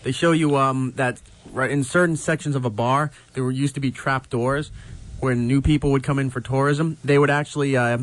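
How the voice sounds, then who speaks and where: A man's voice: mid-range voice, steady tone, normal speed. A man chatting as a studio guest, telling stories in an easygoing way. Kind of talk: casual radio banter.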